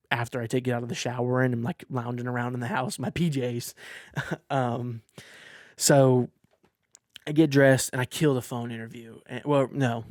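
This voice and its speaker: A young man talks straight to a camera from his desk at home, candid and earnest. He rambles a little as he tells a personal story. His voice sits at an ordinary middle pitch, and the sound is dry and close, with no room echo. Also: a little mellow. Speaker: podcast host. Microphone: facing a camera at his desk.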